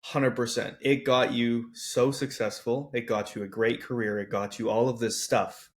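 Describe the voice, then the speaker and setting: A man hosting a podcast, a weightlifting coach who asks thoughtful, halting questions in casual conversation. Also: medium pitch, flat delivery.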